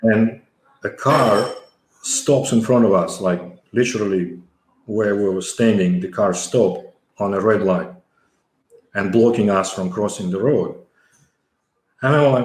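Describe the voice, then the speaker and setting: At a measured pace and with a somewhat low, slightly mellow voice, a middle-aged interview guest from the former Soviet Union spins a long conversational story. He uses many fillers and restarts, and the room echoes.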